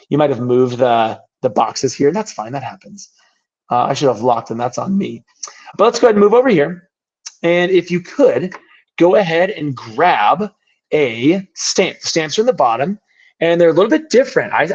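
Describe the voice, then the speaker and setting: A man with a worn-out, hoarse voice running an online software workshop, upbeat and chatty with little jokes. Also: a little high. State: hoarse, voice worn out from talking all day. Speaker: workshop host. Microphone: video call. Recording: dull lo-fi call audio.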